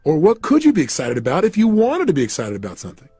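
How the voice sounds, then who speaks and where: A man's voice: fairly high pitch, wildly swooping pitch, fast talker, mellow, breathy edge, no echo, soft background music. A man giving a guided motivational talk, emphatically firing repeated questions at the listener. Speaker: motivational speaker.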